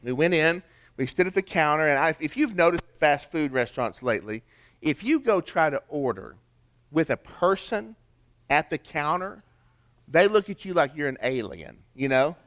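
Older preacher with a higher voice. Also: male voice, lively intonation, moderate pace, fairly bright tone. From American South. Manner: folksy, preaching with rising emphasis and rhetorical questions. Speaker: pastor. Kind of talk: sermon with storytelling.

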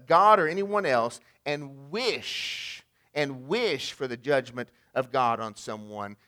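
A man's voice: on the high side, a bit bright. A man preaching a sermon in a conversational way, asking the congregation rhetorical questions. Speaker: pastor.

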